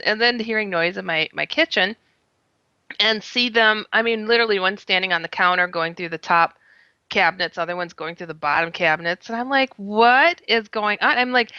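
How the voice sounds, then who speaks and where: Give me a woman with a bright, forceful voice recounting a strange encounter in lively, expressive bursts, laughing now and then and putting on her own quoted words. The sound is a bit muffled and lo-fi, with a dry, close feel and no room around it. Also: medium pitch, clean tone, dry recording. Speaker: guest. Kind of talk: animated first-person storytelling.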